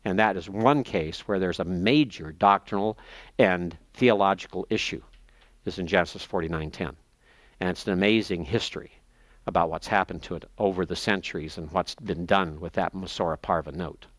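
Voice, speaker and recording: A man in a seminary lecture, explaining texts step by step, slowing down to spell out terms and page numbers, thinking aloud as he checks his notes. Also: low voice, no room sound. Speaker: seminary professor. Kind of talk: classroom lecture.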